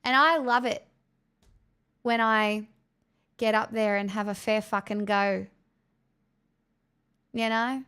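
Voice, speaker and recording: A woman putting on a heavy, nasal, broad Australian accent to play a brash, crude, swearing loudmouth who rambles on. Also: a little high, fairly even intonation, slow, long pauses, smooth. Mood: blustering.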